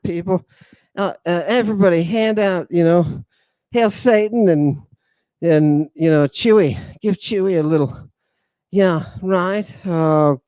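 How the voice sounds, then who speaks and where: A middle-aged man hosting a lecture for an online audience, theatrical and sighing, swinging from booming declarations to muttered asides. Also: darkish tone, no room sound. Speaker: host.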